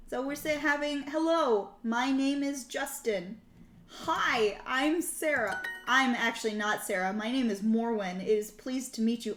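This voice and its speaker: A young woman streaming a casual language lesson, chatty and rambling, laughing often between points. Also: a little high. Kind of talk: casual live-stream chat. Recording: roomy echo.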